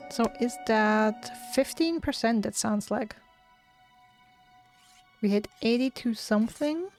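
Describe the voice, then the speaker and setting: A woman's voice: a little high, slow, a little mellow, soft background music. A woman playing a game and thinking aloud in casual let's-play commentary. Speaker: gaming streamer.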